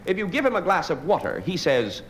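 A man's voice: fairly high pitch, big pitch swings, brisk. A man doing a live stand-up routine, with a dry, wry delivery broken by hesitant fillers. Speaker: stand-up comedian. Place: stage before a live audience. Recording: noisy live stage recording.

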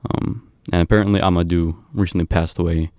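A man with a deep, flat voice casually back-announces songs on the radio, stopping often for ums and uhs. His tone is smooth and clear. The studio sound is dry and close, with no room echo. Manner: halting, many ums and uhs.

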